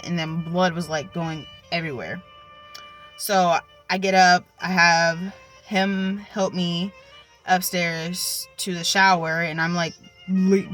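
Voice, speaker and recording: A woman's voice: lowish voice, a bit bright, poor audio. A young woman casually telling a personal story, chatty and full of likes and ums. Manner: chatty, filler-heavy, with many likes and ums. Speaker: vlogger.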